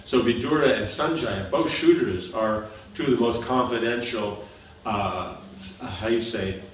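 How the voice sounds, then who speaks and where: A man's voice: mid-range voice, measured pace. Echoey, distant man teaching scripture. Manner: patient, explaining with repeated checks for understanding. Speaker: spiritual teacher. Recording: echoey room recorded from afar with background noise.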